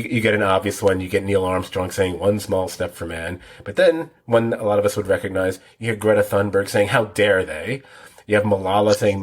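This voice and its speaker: Guy cohosting a tv podcast, low husky voice, rambly and jokey about himself. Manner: rambling, self-deprecating, lists details in long runs. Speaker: podcast co-host. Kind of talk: casual chat.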